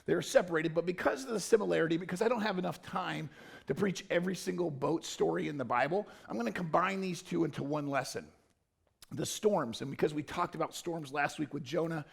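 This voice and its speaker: A man's voice: fairly high pitch, gravelly, slightly rough. A man preaching a casual, conversational sermon as a pastor, joking and wandering into loose asides. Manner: informal, joking, rambling asides. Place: church.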